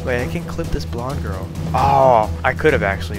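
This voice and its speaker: Lively, bright-voiced young gaming commentator. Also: male voice, mid-range voice, fast talker, few pauses, soft background music. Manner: animated, jokey, mock-dramatic voices. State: tired. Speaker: gaming YouTuber. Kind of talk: casual gameplay commentary.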